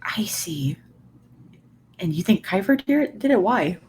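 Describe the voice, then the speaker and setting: A woman's voice: mid-range voice, big pitch swings, a little slow, a little mellow, slight background noise. A woman voicing a curious adventurer who keeps asking questions, in a tabletop game. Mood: inquisitive. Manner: inquisitive, probing.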